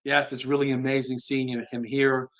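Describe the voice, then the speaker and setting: A man hosting a live stream, reading viewer comments aloud and answering them in an earnest, unhurried way. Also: medium pitch, flat delivery. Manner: earnest, soft-spoken, admits being slow tonight.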